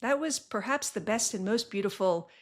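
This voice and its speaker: A woman's voice: mid-range voice, animated, normal speed. A woman hosting an interview podcast who reads a scripted intro and asks earnest, enthusiastic questions. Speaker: podcast host.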